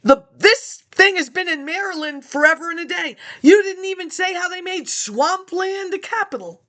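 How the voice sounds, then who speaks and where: A woman's voice: extremely high pitch, animated, normal speed, fairly bright tone. A woman vlogger in a rambling casual monologue, hopping from topic to topic, chuckling to herself and speaking straight to her viewers. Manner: chatty, jumps between topics, chuckles to herself.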